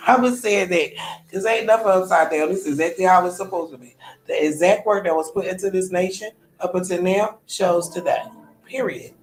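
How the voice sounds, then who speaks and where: A woman's voice: fairly low pitch, moderate pace, echoey room, low-quality recording. A woman in her thirties, a podcast host, talking candidly in a personal monologue, colloquial, often trailing off and restarting. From United States.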